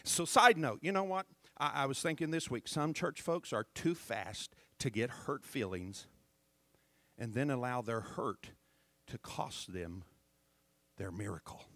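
A middle-aged male pastor preaching a sermon who keeps checking on the congregation with "hello?" and swings between loud emphasis and hushed asides. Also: mid-range voice, animated, measured pace, no room sound.

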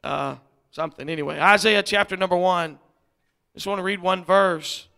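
A man's voice: high-pitched, moderate pace, vocal fry, sharp tone, clear, resonant tone. A middle-aged man, preaching as a visiting missionary in a folksy, rambling way. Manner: folksy, rambling, many fillers and restarts. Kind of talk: sermon.

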